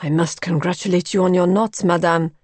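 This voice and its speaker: A woman's voice: mid-range voice, lively intonation, moderate pace, husky, dry recording. A woman voicing a proud man who speaks scornfully and ironically. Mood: ironic.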